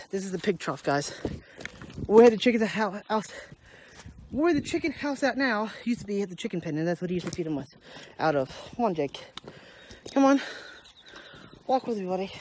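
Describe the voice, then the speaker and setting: A young adult vlogger talks into a handheld camera while walking outside on a rural property, a little out of breath. The delivery rambles and chuckles, keeps losing track of names and circles back to the same complaints. The voice sits at an ordinary middle pitch. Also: animated, moderate pace, long pauses, a little mellow, slight background noise. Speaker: daily vlogger. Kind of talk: casual rambling movie review.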